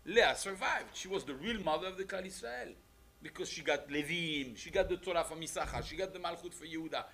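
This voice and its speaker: A rabbi teaching a class, speaking in an animated, emphatic way with frequent rhetorical questions. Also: male voice, a little high, fairly quick, slight background noise. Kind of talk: lecture on a text.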